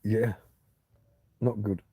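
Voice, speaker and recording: A man's voice: on the low side, flat delivery, drawn-out words, dark tone, breathy edge, no echo, clean studio sound. A middle-aged man hosting a livestream, talking in a loose, rambling way, often breaking off and restarting, with casual swearing. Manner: chatty, self-interrupting, swears casually. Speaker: livestream host.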